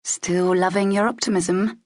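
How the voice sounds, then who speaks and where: A woman doing Locke, a dry deadpan agent. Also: fairly low pitch, a little slow, dry recording, lightly acted. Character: dry, guarded woman security consultant.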